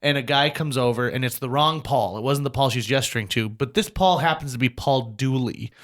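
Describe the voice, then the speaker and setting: A man from Fargo with a North Dakota accent, telling a lively anecdote on a casual talk show. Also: medium pitch, fairly quick. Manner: animated anecdote telling with quoted voices. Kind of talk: casual storytelling.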